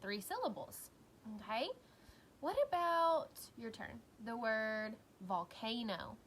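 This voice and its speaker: A woman teacher giving a recorded lesson for young children, encouraging them and clearly sounding out words. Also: on the high side, animated, takes it slowly, fairly bright tone, a little hiss or hum.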